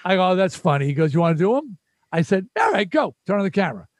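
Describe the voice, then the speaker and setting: Speaking fast in a high voice, an older musician from New York trades stories in a loose conversation, acting out what people said with lively voices. The recording is dry and studio-clean.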